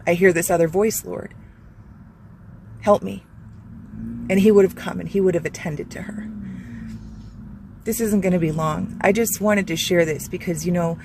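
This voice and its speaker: A woman's voice: mid-range voice, noisy background. A woman hosting a Christian channel, giving an earnest, rambling devotional talk full of fillers and restarts. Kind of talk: informal devotional talk to camera.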